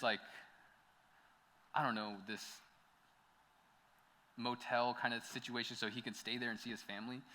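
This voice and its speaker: Preaching in a church hall with long hall reverb, a young adult American man shares a personal story in a relaxed, chatty way, full of "like"s and sudden laughter. His voice sits at medium pitch with a sharp tone.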